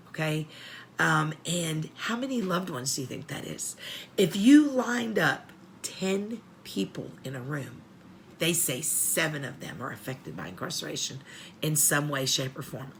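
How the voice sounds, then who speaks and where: A woman's voice: low voice, animated, unhurried, creaky, slight background noise. A middle-aged woman hosting a support show for families of prisoners, talking earnestly and getting choked up as she repeats her points. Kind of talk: heartfelt advice talk.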